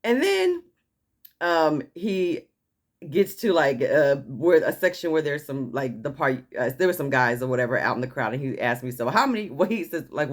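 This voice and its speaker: A woman vlogger casually telling a personal story, acting out what others said and laughing as she goes. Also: sits low. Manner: animated, laughing, acting out quotes.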